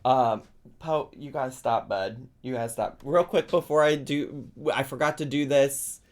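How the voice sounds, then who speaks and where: A man's voice: mid-range voice, normal speed. A man hosting a casual live stream, chatting playfully with viewers and breaking into squeals and giggles. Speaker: streamer host.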